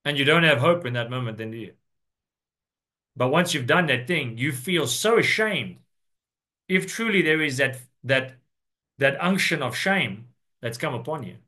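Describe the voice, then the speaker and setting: A man preaching an earnest sermon, reading and explaining scripture with slow, drawn-out emphasis. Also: medium pitch, lively intonation, pushed and bright.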